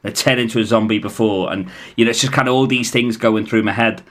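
A man's voice: lowish voice, steady tone, fast talker, a little hiss or hum. Chatty Scouse man. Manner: chatty, rambling with restarts. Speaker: podcast co-host. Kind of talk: casual chat.

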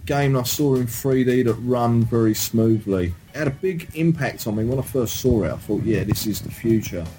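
A man's voice: mid-range voice, normal speed, mellow, a little hiss or hum. A middle-aged man co-hosting a casual retro gaming podcast, self-deprecating and rambling with chuckles. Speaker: podcast co-host.

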